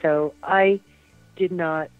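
A woman's voice: lowish voice, steady tone, slow, faint music behind. An older woman, a guest on a radio interview, remembering aloud in a reflective way, repeating phrases and trailing off. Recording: dry tinny phone line.

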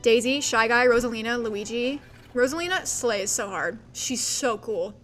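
A woman streaming a game, chatting casually with viewers, reading chat aloud and squealing with excited giggles. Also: on the high side, normal speed, soft background music. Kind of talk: casual live-stream chat while gaming.

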